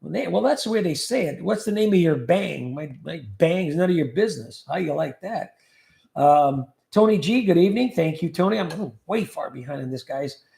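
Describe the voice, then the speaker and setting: A man's voice: on the high side, animated, a little fast, gravelly, dark tone. A man hosting a livestream, casually chatting and joking as he reads viewer comments aloud. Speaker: livestream host. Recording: echoey room.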